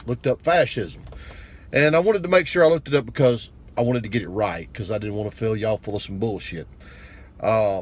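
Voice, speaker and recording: A man giving a blunt, crude political rant to camera that builds to shouting anger. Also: mid-range voice. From United States. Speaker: vlogger.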